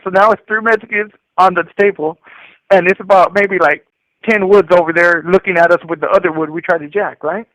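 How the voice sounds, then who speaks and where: A man's voice: sits high, fairly even intonation, a little fast, fairly bright tone, dry recording. A man telling his prison story in casual street slang over the phone, rambling with fillers. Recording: tinny prison phone line.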